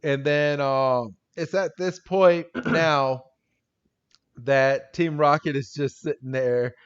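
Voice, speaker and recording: A man's voice: slow pace, clean tone, highs cut off. A man co-hosting a podcast, casually and animatedly retelling a cartoon episode. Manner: animated retelling, jumps into high voices to quote characters. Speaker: podcast co-host. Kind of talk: casual recap chat.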